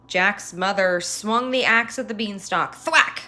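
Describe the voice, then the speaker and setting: A woman reading a children's story aloud with expressive delivery and sound effects. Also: medium pitch, slow pace.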